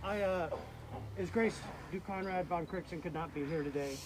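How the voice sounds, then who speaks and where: Guy with a pretty high voice reading out a formal court letter, faint noise behind. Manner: measured and ceremonial.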